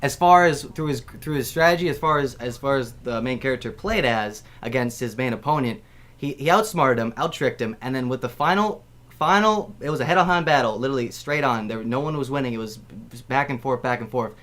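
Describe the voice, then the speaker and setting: Man, panelist, rambling, mid-pitched, casual debate. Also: a little fast, a bit bright. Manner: rambling, repeats and restarts phrases.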